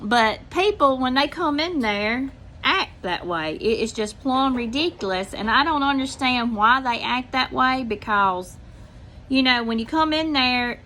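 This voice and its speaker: Chatty older southern woman, bright voice. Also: high-pitched, lively intonation, a little slow, slight background noise. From Mississippi, US. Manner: chatty, drawling, acts out quotes. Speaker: channel host telling a story. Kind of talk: casual storytelling.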